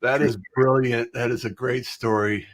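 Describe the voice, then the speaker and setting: A middle-aged podcast host chats casually in an interview, rambling with frequent fillers. His voice is mid-range and steady in tone, at a normal speed.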